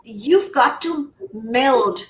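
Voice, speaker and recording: Speaking extremely slowly and expressively, this middle-aged American communication trainer has a voice on the high side. In a conversational interview she's emphatic, repeats herself, and acts out what others said. The recording is rough.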